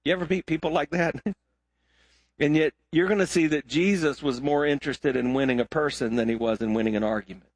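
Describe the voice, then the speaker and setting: A man's voice: on the high side, a little fast, no echo. A man preaching a sermon to a congregation, asking his listeners questions as he teaches. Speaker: pastor. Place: church sanctuary.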